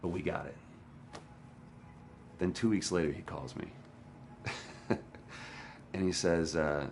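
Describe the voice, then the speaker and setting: A man, an actor, candidly recounting a hard day on set in a documentary interview, sometimes dropping to a hush. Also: rumbling low, unhurried, vocal fry, pauses often, soft background music. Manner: candid, animated storytelling, drops to a hush for quotes. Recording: interview with score under it.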